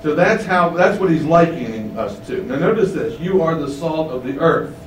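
Male preacher, slightly high voice, deliberate emphatic teaching, roomy echo, a step off the mic. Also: lively intonation, far from the mic, slight background noise. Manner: slow, emphatic teaching with rising stresses. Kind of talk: sermon.

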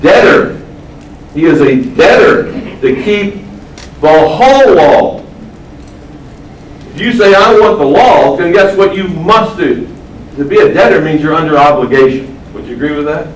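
A man preaching a sermon. He stresses key words by slowing down and asks the audience questions. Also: on the high side, expressive, slight background noise. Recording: echoey room, mic at a distance.

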